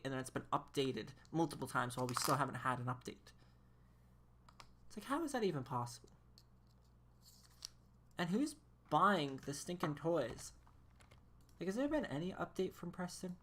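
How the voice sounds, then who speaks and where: A woman with a low-pitched voice chats casually while live-streaming a game. She rambles and sounds incredulous, laughing often between her thoughts. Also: very animated, normal speed, pauses often, fairly bright tone, a little hiss or hum.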